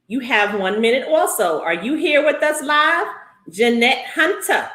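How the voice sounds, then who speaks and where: Goofy high-voiced woman hosting a livestream. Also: animated, unhurried, fairly bright tone, roomy sound. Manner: playful and goofy, calls names out repeatedly. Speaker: host. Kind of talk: live-stream giveaway, casual chat.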